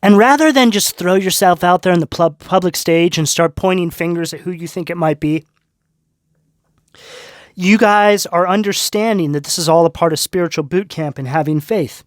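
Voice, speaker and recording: With a voice that sits high and a moderate pace, a male tarot reader walks his viewers through a reading. He keeps an earnest, spiritual tone and checks in often with "right?" and "okay?", in a studio-quality recording free of echo.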